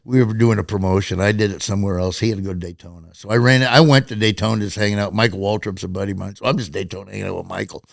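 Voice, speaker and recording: A man's voice: fairly low pitch, steady tone, very fast, creaky, hardly any pauses, no room sound, studio quality. A man in his sixties from Nebraska with a Southern accent, telling folksy, rambling stories as an interview guest. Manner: folksy, rambling storyteller, laughs often. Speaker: guest, voice actor. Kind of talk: casual interview chat.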